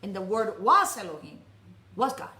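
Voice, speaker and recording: A woman's voice: mid-range voice, big pitch swings, moderate pace. A woman preaching a sermon to a congregation in a temple, commanding and direct, calling out to the people like a drill sergeant. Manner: forceful, commanding, calls out to the congregation. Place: messianic temple. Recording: echoey room.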